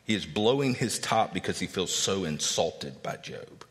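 A man, a pastor, giving a conversational sermon and Bible teaching, animated as he acts out the people he quotes, with many fillers and tag questions. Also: moderate pace. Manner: animated, acts out quoted speakers with raised pitch. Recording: long reverb of a church hall.

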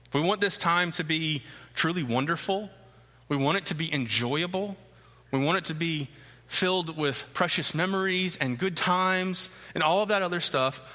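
A man preaching a sermon as pastor, emphatic and repeating key phrases with slow, deliberate stresses. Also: fairly high pitch, bright, forceful tone, long reverb tail. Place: church sanctuary.

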